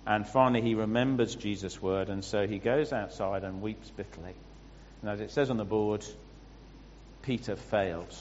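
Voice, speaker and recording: A man preaching a sermon, explaining scripture with pauses and restarts. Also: fairly low pitch, a little mellow, slight background noise. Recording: muffled sound with long hall reverb.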